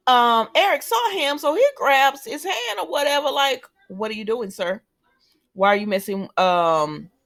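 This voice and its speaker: A woman's voice: a little high, fairly bright tone. A woman giving a casual, chatty recap of a soap opera episode. She keeps retelling the characters' lines in her own words. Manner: chatty retelling that slips into quoted dialogue, many fillers.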